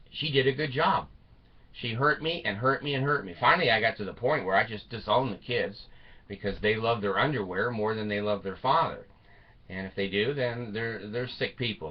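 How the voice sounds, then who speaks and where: A man in his sixties speaking a bitter, blunt personal monologue with swearing and long pauses. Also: lowish voice, lo-fi sound. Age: 60s. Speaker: vlogger.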